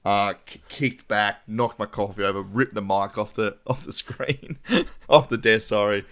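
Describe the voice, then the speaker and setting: A man's voice: fairly low pitch, measured pace, fairly bright tone. An Australian man co-hosting a podcast, chatting casually in laid-back, slangy banter over a remote call. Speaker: podcast co-host. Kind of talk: casual chat.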